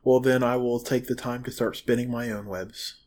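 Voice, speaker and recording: A man's voice: medium pitch, level tone, normal speed, a little mellow. Man, tabletop player, curious, questioning, casual chat. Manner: curious, asks many questions. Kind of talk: playing a tabletop game.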